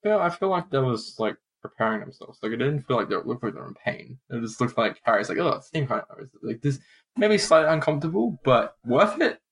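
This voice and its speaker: A man's voice: mid-range voice, sing-song, quick pace, breathy edge. A man rambling playfully with many fillers in a casual chat with friends.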